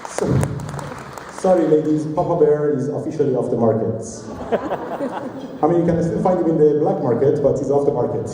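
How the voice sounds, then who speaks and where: A man in his forties emcees a company party in a large hall, cracking self-mocking stand-up jokes between acts. His voice is a little high and fairly quick, captured distantly with a roomy sound, crowd noise, and background noise.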